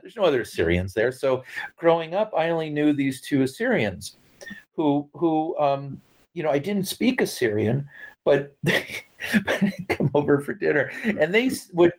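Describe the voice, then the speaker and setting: A man's voice: fairly high pitch, lively intonation, normal speed, low-quality recording. A middle-aged man telling family stories in casual conversation, rambling with lots of fillers and restarts and laughing at his own anecdotes. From California. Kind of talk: casual storytelling.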